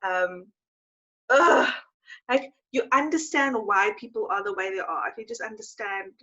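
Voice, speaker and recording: A young woman co-hosting a podcast, chatting casually and gushing with animated enthusiasm. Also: medium pitch. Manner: gushing, animated, quick to laugh. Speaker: podcast co-host. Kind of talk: casual chat. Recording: dull lo-fi sound.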